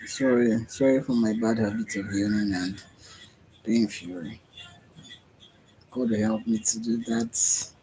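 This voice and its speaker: A man's voice: fairly low pitch, big pitch swings, a little slow, gravelly, pauses often, warm tone, slight background noise, poor audio. A man, talking to camera in a rambling, dreamy vlog full of repetition, sighs and yawns. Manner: meandering, dreamy, repeats himself, with yawns and sighs. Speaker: vlogger. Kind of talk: rambling spiritual self-talk vlog.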